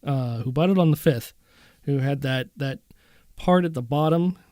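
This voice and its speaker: On a relaxed guitar channel, a male host browses guitar listings, rambling and chatting to himself as he goes. His voice is mid-range and mellow at an ordinary pace, captured in a dry, studio-quality recording.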